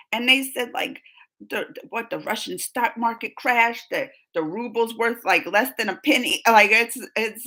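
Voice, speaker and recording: A woman's voice: on the high side, a bit bright, rough recording. A woman hosting a live stream, chatting casually and emotionally while reading viewer comments, laughing often.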